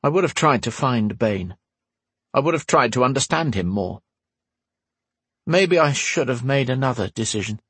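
A man's voice: medium pitch, lively intonation, normal speed, pauses often, a bit bright, slightly rough, no echo, voice pushed up. A man voicing a stubborn, frustrated young man who argues insistently. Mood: regretful.

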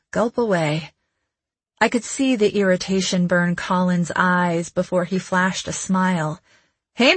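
A woman's voice: lowish voice, fairly bright tone, slightly rough, no echo. A woman narrating first-person fiction in a wry, conversational way. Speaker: audiobook narrator.

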